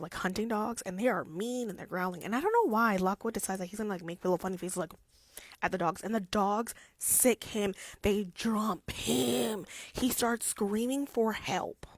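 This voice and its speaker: A woman's voice: medium pitch, no room sound. Chatty young woman recapping a book. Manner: chatty, playful, acts out characters with quick voices. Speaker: book vlogger. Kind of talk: casual chat.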